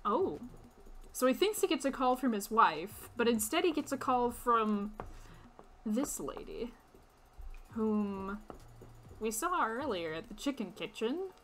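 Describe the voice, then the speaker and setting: A woman's voice: on the high side, sing-song, slow, long pauses. Chatty woman streaming a game. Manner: chatty, laughing, self-correcting. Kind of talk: casual gameplay commentary.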